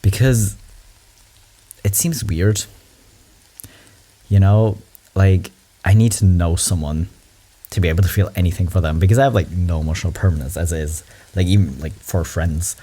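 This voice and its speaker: Man, deep voice, mellow tone, casual reaction chat, rambling fillers. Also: moderate pace, pauses often. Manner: chatty, lots of "like" and "um" fillers. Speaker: meme reaction host.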